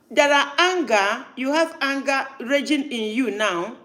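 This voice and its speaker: High-voiced man hosting. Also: a little slow, hardly any pauses, pushed and bright. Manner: insistent, cuts in with repeated no's. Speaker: live-stream host. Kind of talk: heated live-stream talk.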